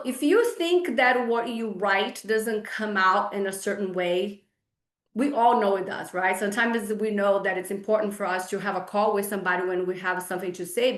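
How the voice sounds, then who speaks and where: A woman's voice: fairly high pitch, fairly bright tone. A woman in her forties, a fitness coach, bluntly lecturing her clients on a group video call. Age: 40s. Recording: echoey room.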